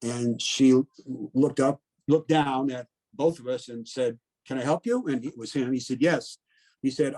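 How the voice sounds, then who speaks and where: An older man in his seventies, originally from Connecticut, shares his memories in an unhurried oral history interview. His voice sits at an ordinary middle pitch. He is plainspoken and sometimes blunt, stopping to think and correct himself as he tells it in the present tense. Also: a little mellow. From Connecticut, USA. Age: 70s. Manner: plainspoken, blunt, reflective, with many "um"s and "you know"s. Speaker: veteran interviewee.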